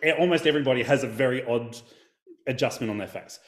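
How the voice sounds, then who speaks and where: A man talking as a guest in a casual podcast interview, animated and storytelling. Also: medium pitch, fast talker, echoey room. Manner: animated, storytelling, acts out quotes. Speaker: guest, video coach.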